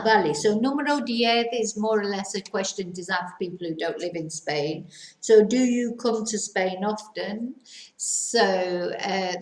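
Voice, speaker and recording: A woman teaching a Spanish lesson, reading example questions and slowly modelling her answers, then translating them. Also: medium pitch. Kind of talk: slow language lesson. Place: lives in a Spanish village. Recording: echoey room.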